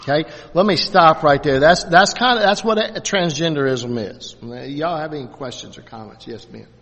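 A man in his sixties leading a church class, talking in a halting way with many restarts and fillers. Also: fairly high pitch, a bit bright. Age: 60s. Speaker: Bible class teacher. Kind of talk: church class lecture with questions. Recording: reverberant hall.

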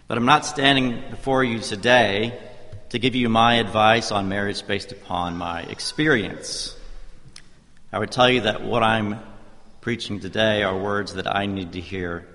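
A middle-aged man preaching a sermon in a church, praying and telling stories in a measured, conversational way. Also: fairly low pitch, sharp tone. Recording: reverberant church hall.

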